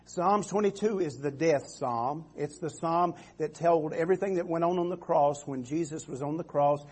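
Husky-voiced preaching man. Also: fairly high pitch, normal speed, darkish tone. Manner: preaching with call-and-response "Amen" and "Come on", stammering restarts. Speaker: pastor. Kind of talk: sermon. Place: church sanctuary.

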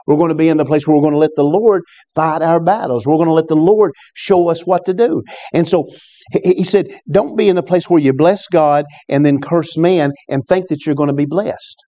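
Pastor guy preaching, mellow tone, keeps throwing amen asides at the crowd. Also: fairly high pitch, brisk. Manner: preaching with call-and-response asides. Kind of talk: sermon.

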